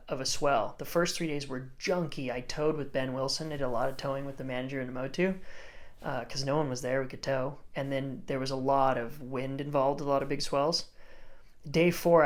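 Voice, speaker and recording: Laid-back man telling a surf story. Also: mid-range voice. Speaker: guest, surfer and surf coach. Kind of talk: casual storytelling in a podcast interview.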